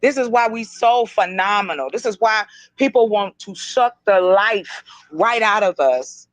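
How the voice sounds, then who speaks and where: A woman's voice: medium pitch, lively intonation, measured pace, no room sound, low-quality recording. A woman co-hosting a podcast discussion, talking in an earnest, questioning way. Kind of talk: casual discussion.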